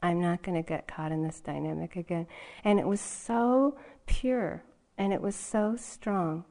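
A woman's voice: fairly low pitch, measured pace, dark tone. Candid woman telling a personal story. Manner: candid, rambling, many fillers and restarts. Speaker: meditation teacher. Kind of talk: dharma talk, personal storytelling.

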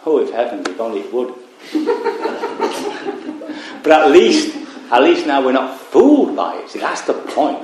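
A man giving a Buddhist dharma talk at a retreat, reflective and unhurried with wry asides. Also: medium pitch, darkish tone. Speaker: Buddhist meditation teacher. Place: retreat meditation hall. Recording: very echoey room.

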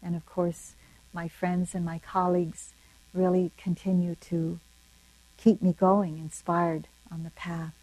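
An older woman and meditation teacher, telling a personal story in a dharma talk in a soft-spoken, reflective, unhurried way. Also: on the low side, level tone, no echo, rough recording.

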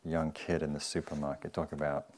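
A man, a meditation teacher, giving an informal dharma talk in a relaxed, chatty way, often saying "you know" and laughing softly. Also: extremely low pitch, fairly quick, a little hiss or hum.

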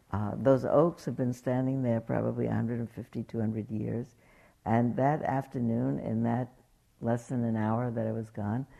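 A woman's voice: extremely low pitch, gravelly, breathy edge, highs cut off. A woman meditation teacher giving a dharma talk, telling stories in an anecdotal way and acting out quotes. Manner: warm anecdotal storytelling, acts out quotes.

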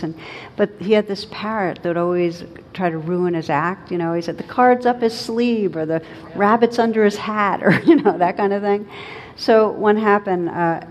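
A woman meditation teacher giving a dharma talk, telling stories and laughing at her own punchlines. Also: a little mellow. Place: large meditation hall. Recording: reverberant hall, muffled, faint rumble.

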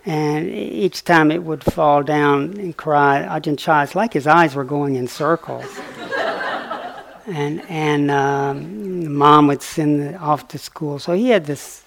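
A man giving a dharma talk, telling a story in a soft-spoken way that often drops quiet and breaks into chuckles. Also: a little high, takes it slowly, gravelly. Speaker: meditation teacher.

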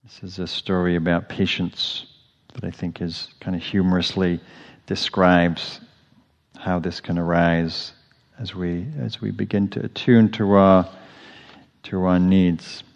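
Low-voiced man giving a gentle dharma talk. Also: level tone, measured pace, creaky. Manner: gentle, reflective, with frequent restarts. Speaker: meditation teacher. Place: meditation hall. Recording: dull audio with long hall reverb.

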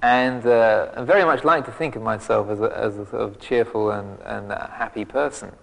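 A man's voice: lowish voice, moderate pace, gravelly, fairly bright tone, in a large hall, low-quality recording. A man, a monk teacher, giving a dharma talk with many restarts and fillers and a self-mocking humor. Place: monastery meditation hall.

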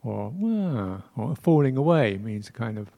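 A man giving a dharma talk as a Buddhist teacher, reflective and unhurried, pausing often with soft laughs and playful imitations of speech sounds. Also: lowish voice, gravelly, highs cut off. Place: temple hall.

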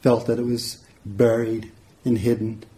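Man, meditation teacher, dharma talk storytelling, mellow warm tone, even and unhurried delivery. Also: lowish voice. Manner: relaxed, conversational, frequent "you know". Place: retreat center hall.

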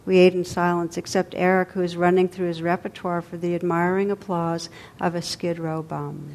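A woman meditation teacher tells a story in a dharma talk. Her voice sits low for a woman, and her delivery is gentle and unhurried. She lets her phrases soften and fall away at the ends. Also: flat delivery.

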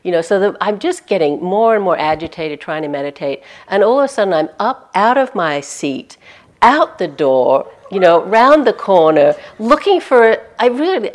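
A woman meditation teacher giving a dharma talk to a retreat audience, telling stories candidly and with self-deprecating humor. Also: mid-range voice.

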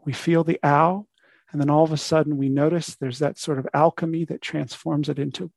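A man's voice: fairly high pitch, fairly even intonation, fairly quick, creaky, slightly rough, dry recording. A man teaching a meditation talk in a conversational way, often checking in with "right?". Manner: conversational, frequent "right?" asides. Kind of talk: dharma talk.

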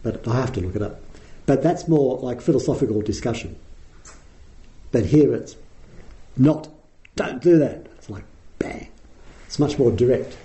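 A middle-aged Australian man giving a dharma talk as a meditation teacher, explaining in an unhurried way with frequent ums. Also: mid-range voice, warm tone, poor audio.

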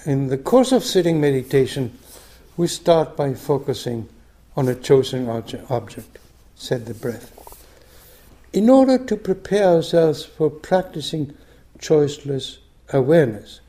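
Soft-spoken older man, slow dharma talk. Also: a little high, lively intonation. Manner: soft, unhurried, phrase ends dropping to a whisper. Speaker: meditation teacher. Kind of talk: dharma talk, reading a story aloud.

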